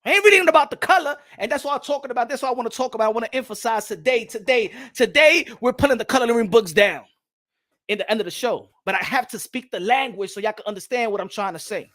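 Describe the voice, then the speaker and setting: A man from New York, a native Spanish speaker, hosts a live talk show in a fervent ranting monologue. His voice is bright and forceful, with a tense, sharp edge, and it climbs into shouts as he repeats his points. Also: extremely high pitch, animated, fast talker. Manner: passionate ranting, repeats lines, sometimes shouts. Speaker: boxing talk show host. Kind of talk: livestream panel monologue.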